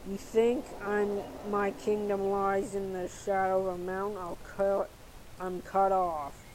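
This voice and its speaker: A woman voicing a fat, paranoid male rat prince who bellows accusations, read slowly with faint hiss behind. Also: mid-range voice, flat delivery, darkish tone, lightly acted, rough recording. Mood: angry.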